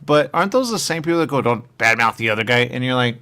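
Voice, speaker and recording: A man's voice: medium pitch, expressive, fast, few pauses, bright, forceful tone, clear, resonant tone. A man hosting a radio show, rambling in casual chat, trailing off and coming back to the same stock phrases. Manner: rambling, trails off, repeats "there you go".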